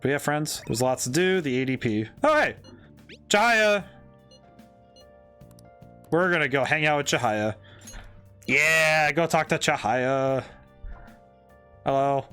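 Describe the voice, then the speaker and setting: Excitable rambling male game streamer. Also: fairly high pitch, takes it slowly, pauses often, clear, resonant tone, soft background music. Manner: excitable, rambling, stops and restarts, jokey. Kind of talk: casual gameplay commentary.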